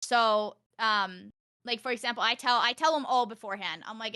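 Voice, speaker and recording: A young woman from Norway, a streamer chatting as a podcast guest, animated and quick to laugh. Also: fairly high pitch, dry recording, clean studio sound. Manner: animated, laughs often, acts out quotes. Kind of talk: casual chat.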